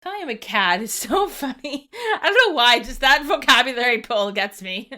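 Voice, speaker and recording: A woman's voice: sits high, animated, normal speed, sharp tone. A woman co-hosting a casual podcast about a video game, enthusiastic and talkative. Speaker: co-host.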